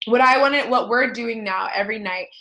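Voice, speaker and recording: A woman in her thirties, a podcast host, talking casually to her listeners in a rambling, animated way, full of fillers and tangents. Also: on the high side, normal speed, rough recording. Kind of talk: casual personal talk to listeners.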